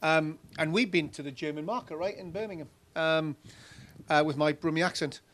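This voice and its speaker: Middle-aged Geordie man, keynote speaker; chatty storyteller, voice a touch high. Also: normal speed. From Newcastle, England. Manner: chatty, animated anecdotes with many fillers. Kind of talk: conference stage Q&A, storytelling.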